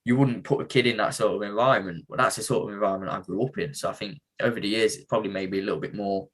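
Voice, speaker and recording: A young man from the English Midlands with a husky voice, telling stories as a guest on a casual podcast. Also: lowish voice, very fast. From England. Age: young adult. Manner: relaxed storytelling with laughs and slang. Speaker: boxer guest.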